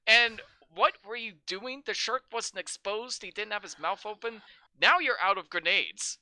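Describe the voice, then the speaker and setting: A podcast host in a casual film chat, swearing freely, laughing a lot and mocking scenes with quick impressions. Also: medium pitch, bright, forceful tone, no echo.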